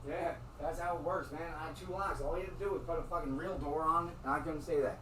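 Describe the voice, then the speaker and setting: Agitated tenant, mid-high voice, cursing, set back from the mic. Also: male voice, fairly even intonation, fast, recorded from a distance, background noise. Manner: agitated, swearing, heated. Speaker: tenant in a dispute. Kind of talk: angry rant to camera. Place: bedroom at home.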